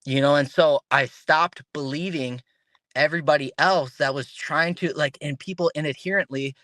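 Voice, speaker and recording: With a slightly high voice and a moderate pace, a man talks as a guest on an interview podcast in a relaxed, lively manner. He often starts his sentences over and voices the people he's quoting, with no room sound in the clip.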